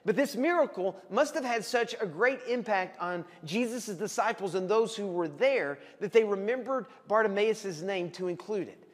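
A man, a pastor preaching a sermon and telling the story vividly, at times calling out loudly as the people in it. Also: sits high, moderate pace, few pauses. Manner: animated storytelling, acts out shouting voices. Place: church hall. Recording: long hall reverb.

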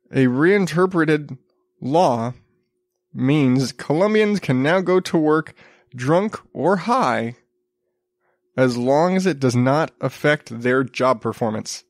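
A man's voice: medium pitch, no echo. A man in his thirties hosting a solo podcast, chatting casually and rambling with frequent restarts. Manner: rambling, self-interrupting with restarts. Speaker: podcast host.

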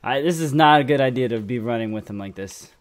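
A young man giving casual, excitable commentary over a shooter game, cursing freely and tagging "man" onto his lines. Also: medium pitch, quick pace. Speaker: gameplay commentator.

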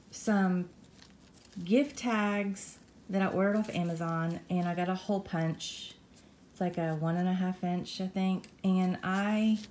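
Woman vlogger, slow warm rambling delivery, faint ambient hiss. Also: on the low side. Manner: rambling, with fillers and self-corrections. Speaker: cross-stitch vlogger. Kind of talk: casual show-and-tell chat. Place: condo balcony by the beach.

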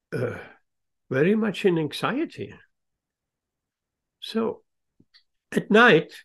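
A man giving a devotional lecture, telling a story slowly and stressing key words. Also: fairly high pitch, gravelly, slightly rough. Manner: slow, emphatic, leans on key words.

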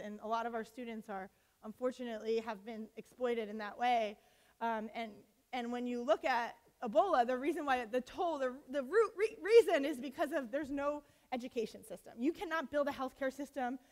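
A woman telling a personal story at a college talk, impassioned, full of fillers and restarts, acting out what others said. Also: on the high side. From United States. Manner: impassioned, many fillers and restarts, acts out quotes. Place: lecture hall. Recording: long hall reverb.

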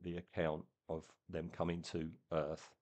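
A man reading a story aloud and then chatting about it in an enthusiastic, halting way. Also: sits low, completely flat delivery, darkish tone. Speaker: comic and book reviewer. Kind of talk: reading aloud and casual chat.

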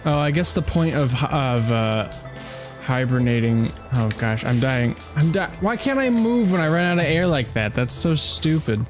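A man's voice: fairly high pitch, sing-song, normal speed, music in the background. A man giving casual, chatty commentary while playing a video game, talking to himself and to the creatures on screen. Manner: chatty self-talk, talks to game creatures, frequent laughs. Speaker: let's play gamer.

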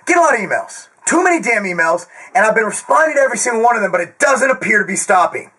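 Brash male fitness host, yelling and swearing straight to camera, very high-pitched and wildly swinging, husky edge. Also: sing-song, fairly quick, pauses often, low-quality recording. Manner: loud, screaming, profane and brash; jokey, crude asides. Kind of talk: ranting direct-to-camera monologue.

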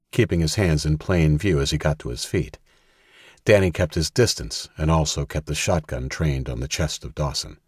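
This is scripted narration of a tense thriller audiobook, voiced by a man whose deep, husky tone stays steady and measured. Recorded close up, the sound is completely dry, free of any room sound.

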